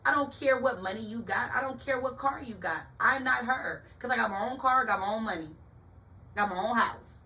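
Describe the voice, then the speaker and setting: A woman telling a personal story in an emphatic, animated way, talking straight to her listeners. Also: a little high, a little fast, distant mic, rough recording.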